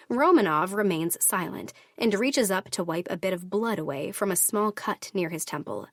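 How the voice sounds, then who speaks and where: A woman narrating a first-person romance audiobook in a measured, even storytelling manner. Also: lowish voice, no room sound, clean studio sound.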